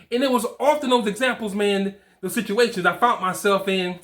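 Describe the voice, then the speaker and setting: A fatherhood coach in his forties talks to camera, handing out blunt advice on being a dad in casual slang and repeating points for emphasis. His voice is high-pitched and fairly bright, and he talks a little fast.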